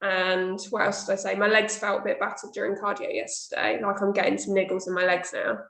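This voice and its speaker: A woman chats candidly as a podcast host, acting out her own past remarks. Her voice sits at a middling pitch, and the room adds a clear echo. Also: level tone, fairly quick, fairly bright tone. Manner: candid, chatty, quotes herself often. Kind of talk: casual chat. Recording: roomy echo.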